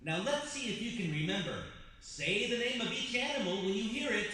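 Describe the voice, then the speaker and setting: A man with a high, bright voice reads out simple instructions for a children's class. He sounds clear, upbeat and instructive. The voice is off-mic in a very echoey room. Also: animated, a little fast, recorded from a distance.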